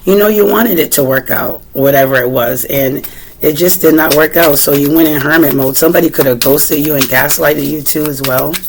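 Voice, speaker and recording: A woman's voice: deep voice, fairly even intonation, normal speed, a little hiss or hum, poor audio. Chatty Boston woman reading tarot. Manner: chatty, asks the cards questions aloud, clears throat often. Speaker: tarot reader.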